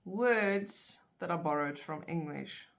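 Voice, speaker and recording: Slow, low-voiced woman teaching vocabulary. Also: gravelly. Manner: slow, careful, repeats words in pairs. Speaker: language teacher. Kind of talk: explaining vocabulary in a video lesson.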